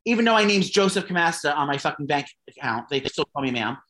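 A gay man co-hosting a casual gossip chat, swearing freely and telling animated stories full of fillers. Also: a little high, fast. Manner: profane, animated storytelling with lots of fillers. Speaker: podcast co-host.

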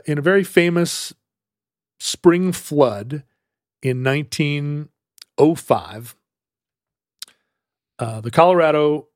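A man's voice: a little high, clean tone, no echo, clean studio sound. A man co-hosting a podcast, telling a history story in a casual, rambling way with many restarts and fillers. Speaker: podcast co-host explaining history. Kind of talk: casual conversational explanation.

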